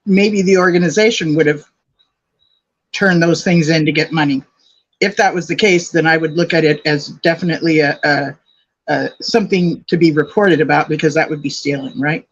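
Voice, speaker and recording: A woman's voice: low-pitched, normal speed, breathy edge, lo-fi sound. An older woman co-hosting a casual commentary chat, reasoning things out aloud in a thoughtful way. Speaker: co-host.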